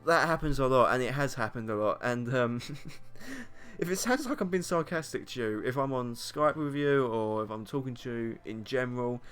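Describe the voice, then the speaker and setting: A young British man talks to camera in an animated, mid-range voice that is smooth and a bit bright, at a moderate pace. His casual vlog monologue rambles and teases himself, with frequent laughter between points.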